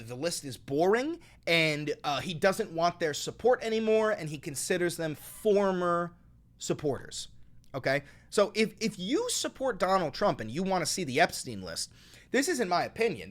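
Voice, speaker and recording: A man hosting a live-streamed political commentary show, reading news stories aloud and riffing on them with profanity. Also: high voice. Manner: animated, profane, reads news aloud then riffs.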